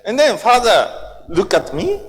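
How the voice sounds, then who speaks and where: A man with a Japanese accent, a native Japanese speaker, giving a humorous training lecture in halting English and laughing often while he tells stories. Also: sits high, huge pitch swings, long reverb tail. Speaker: workshop lecturer. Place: large training hall.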